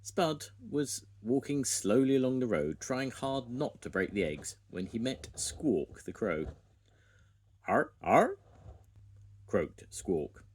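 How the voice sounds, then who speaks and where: A man's voice: medium pitch, measured pace, few pauses. An older man, a grandfather, reading a children's storybook aloud to his grandchildren. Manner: warm lively reading to grandchildren.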